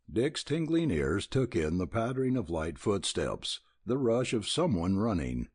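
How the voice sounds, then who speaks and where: A man narrating a classic Western audiobook in a measured, expressive manner. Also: lowish voice, breathy edge, no echo, studio quality.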